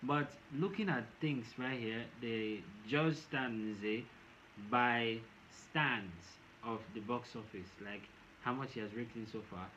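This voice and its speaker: Nigerian-accented male vlogger, loose rambling delivery, muffled low-fidelity sound. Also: slow pace, sharp tone. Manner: rambling, repeats and restarts phrases. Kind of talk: casual commentary to camera. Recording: dull lo-fi with faint noise.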